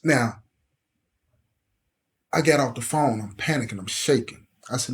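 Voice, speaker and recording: In an unhurried, medium-pitched voice, a middle-aged host shares his personal story with emotional intensity. He brings the people in it to life by acting out their voices.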